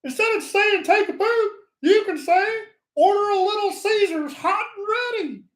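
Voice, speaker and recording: A man voicing a silly male toilet paper puppet in a high, chirpy, exaggerated voice. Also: normal speed, reverberant. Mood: gleeful. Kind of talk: playful podcast banter.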